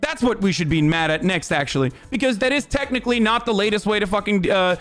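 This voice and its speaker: A young man streaming, ranting heatedly and profanely at his chat, with bursts of shouting. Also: high-pitched, expressive, fast, faint music behind. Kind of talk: heated livestream rant.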